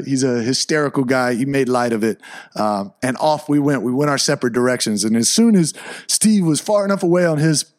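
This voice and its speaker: Animated man telling a story. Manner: animated, swings between low asides and excited high bursts. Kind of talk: casual storytelling.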